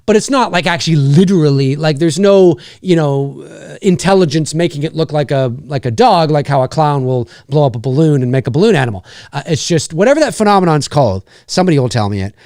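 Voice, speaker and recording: Canadian guy hosting a live stream, kinda high voice, rambles with lots of ums. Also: lively intonation, fast, hardly any pauses, darkish tone, no echo, clean studio sound. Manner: rambling, with many fillers and restarts. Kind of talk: casual live-stream chat.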